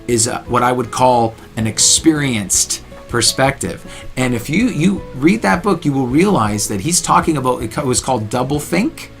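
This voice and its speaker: A man's voice: medium pitch, moderate pace, vocal fry, soft background music. A man co-hosting a casual chat, joking and acting out quotes in different voices. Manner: animated, teasing, acts out quotes in voices. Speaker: co-host.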